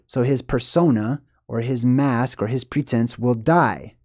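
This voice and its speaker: A man's voice: medium pitch, a little slow, darkish tone, dry recording, studio quality. A man talking through a film scene by scene in a loose, rambling monologue, often repeating himself and acting out lines of dialogue. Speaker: movie commentator. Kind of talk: casual film analysis monologue.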